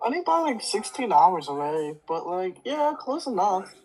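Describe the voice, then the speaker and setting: High-voiced wisecracking guy. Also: big pitch swings, a little mellow, slightly rough, poor audio. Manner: wisecracking, quick one-liners. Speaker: friend on a gaming call. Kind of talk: casual chat. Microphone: voice call.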